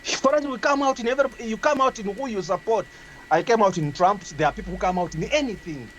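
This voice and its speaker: A man's voice: sits high, quick pace, fairly bright tone, dull audio, slight background noise. A man talking as a guest in a casual discussion, rambling and stumbling as he searches for his words. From Uganda. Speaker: guest speaker.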